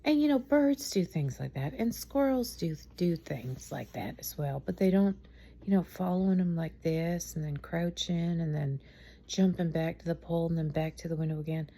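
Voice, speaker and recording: A woman's voice: fairly low pitch, moderate pace, warm tone. A tired middle-aged woman telling a rambling, chatty story about her son late at night, laughing at it along the way. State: tired, speaking softly at night. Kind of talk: casual storytelling vlog.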